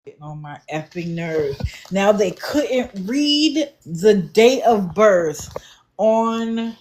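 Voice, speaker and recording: A woman's voice: medium pitch, expressive, takes it slowly, darkish tone. A woman doing casual livestream commentary, blunt and lecturing, with an exasperated edge. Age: adult, not young.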